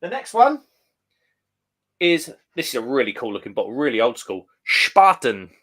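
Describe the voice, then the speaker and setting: A British man with a bright, forceful voice talks beer on a casual live stream. He is chatty and upbeat, full of ums and restarts as he reads out viewer comments. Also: mid-range voice, big pitch swings, moderate pace. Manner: chatty and enthusiastic, lots of "um" and restarts.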